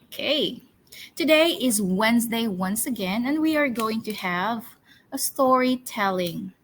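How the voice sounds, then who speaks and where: Bright-voiced woman teacher drilling words slowly. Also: a little high, lively intonation, poor audio. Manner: drills words with slow call-and-response repetition; cheerful, coaxing questions to young listeners. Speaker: English teacher. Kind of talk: storytelling lesson for children.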